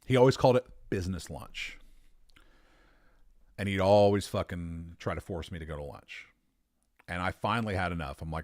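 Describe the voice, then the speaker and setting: A man telling a story in a casual, animated, profane way, getting worked up as he talks. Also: low voice, moderate pace, long pauses, no echo, clean studio sound. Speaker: storyteller recounting a former boss.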